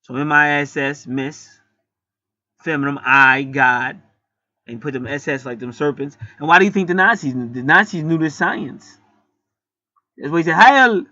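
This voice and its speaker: Man, profane heated preaching, higher voice, dry dull recording. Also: normal speed, pushed and bright, no room sound. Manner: blunt, profane, rising to heated outbursts. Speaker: online spiritual teacher.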